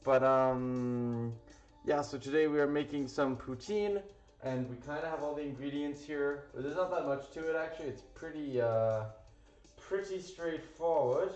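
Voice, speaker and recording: An unhurried man with a somewhat high, slightly mellow voice runs a live cooking stream, rambling casually with many fillers and a stray curse now and then. The sound is roomy, dull and lo-fi, with faint music.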